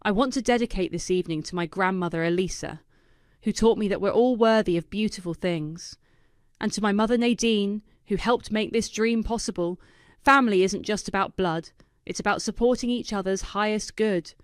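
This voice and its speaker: A woman voicing a gushing, self-satisfied young female influencer who talks in sugary, showy speeches, her voice smooth and dry. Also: mid-range voice, moderate pace, no echo, natural voice.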